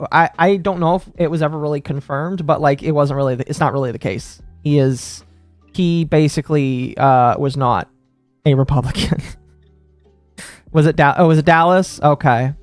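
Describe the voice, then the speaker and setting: Man from Texas, live streamer, rambling and excitable, fairly high voice, dry close mic, faint music behind. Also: clear, resonant tone, dry recording. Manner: rambling, excitable, quick to rant. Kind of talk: casual live-stream commentary.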